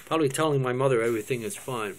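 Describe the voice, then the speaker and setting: A man's voice: medium pitch, rapid-fire, a little hiss or hum, natural voice. A man reading a sly precocious girl. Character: precocious scheming eight-year-old girl. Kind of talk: cold reading of a script.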